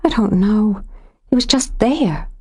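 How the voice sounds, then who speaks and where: A woman voicing a jumpy young woman with a tense, high voice in an audiobook reading. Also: expressive, takes it slowly, slightly rough. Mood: panicked.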